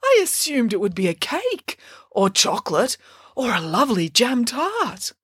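A woman voicing a cowardly, greedy male pig who squeaks and panics. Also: huge pitch swings, a little slow, breathy edge, no room sound, clean studio sound, heavily acted. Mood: eager.

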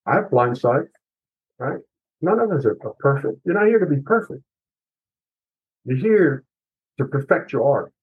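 Middle-aged man, husky voice, candid and confessional, dull lo-fi sound. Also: a little high, big pitch swings, moderate pace, long pauses. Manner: emotional, earnest and confessional, mild swearing. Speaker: author and podcast guest. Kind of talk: candid personal storytelling.

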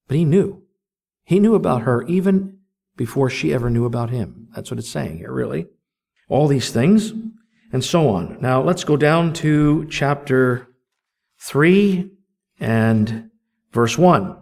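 A man preaching a sermon, reading old-style scripture slowly and then expounding it with rising fervor. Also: mid-range voice, animated, vocal fry.

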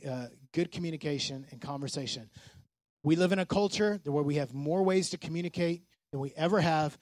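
A man preaching a casual, animated sermon as a pastor, acting out the people he quotes. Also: a little high, no room sound.

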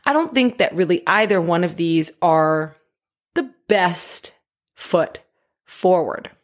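A woman life coach giving a motivational talk in an animated way, laughing often. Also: on the low side, slow.

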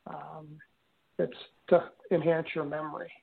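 An older man telling a personal story in an interview, speaking haltingly with frequent restarts and fillers. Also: on the high side, little pitch movement, gravelly. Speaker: guest recounting an experience. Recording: tinny phone-line audio.

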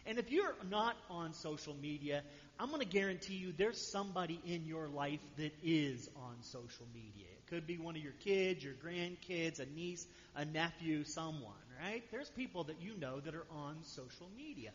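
A man's voice: on the high side, lively intonation, normal speed, slight background noise. A man preaching a sermon to his church congregation, talking to them conversationally and often asking "right?". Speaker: pastor. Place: church sanctuary. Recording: dull sound with long hall reverb.

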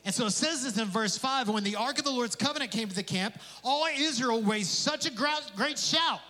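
A male pastor gives a lively, conversational sermon at normal speed, dropping in jokes and casual asides. His voice is high and bright. A long reverb makes it sound like he's filling a large sanctuary.

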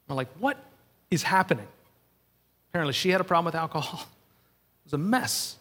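A man's voice: on the high side, fairly bright tone. Man preaching in a reverberant hall. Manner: conversational storytelling, acts out quoted voices. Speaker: pastor. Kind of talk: sermon.

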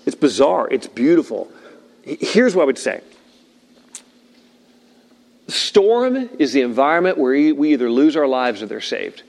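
A man's voice: mid-range voice, very animated, a little slow, creaky, pauses often, darkish tone. A male pastor preaching a sermon, emphatic and playful, with joking asides and repeated phrases.

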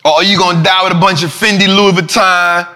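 Animated high-voiced man talking markets. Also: brisk. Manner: animated, preachy, slangy, repeats lines for emphasis. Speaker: finance show host. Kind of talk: casual market commentary.

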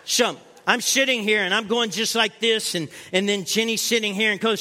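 A man in his sixties, a guest pastor, preaching a sermon with animated storytelling and acting out scenes. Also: high voice, brisk, few pauses, long reverb tail.

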